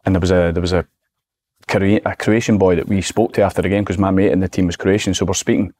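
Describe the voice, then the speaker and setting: A Scottish man in his forties, a guest telling lively anecdotes in a casual podcast chat. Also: low-pitched, fast talker, dry recording. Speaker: guest, former footballer and manager.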